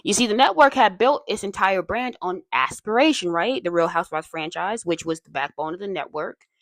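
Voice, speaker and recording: A woman's voice: mid-range voice, fairly quick, fairly bright tone, no room sound. A woman hosting a casual commentary video essay, chatty and digressive with many asides, her voice a little tired and strained. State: voice tiring and strained.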